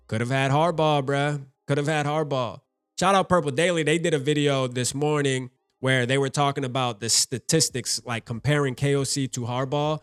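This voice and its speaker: A young man hosts a casual fan video, reading viewer comments aloud and reacting in a loose, animated way. His pitch sits in a middle range, and he keeps repeating phrases with plenty of "bro." The sound is close and dry, with faint music in the background. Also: moderate pace, smooth, dry recording. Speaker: sports fan video host.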